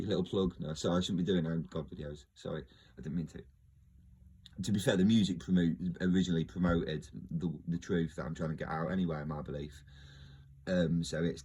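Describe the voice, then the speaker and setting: A man's voice: deep voice, a little mellow, husky. A man talking in a casual, rambling monologue, joking, laughing often and trailing off mid-sentence. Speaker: video host.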